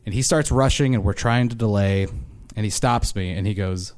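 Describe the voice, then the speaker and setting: A young man from Arkansas, a stand-up comedian telling wry, self-deprecating stories with animated impressions. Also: lowish voice, normal speed. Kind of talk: stand-up storytelling.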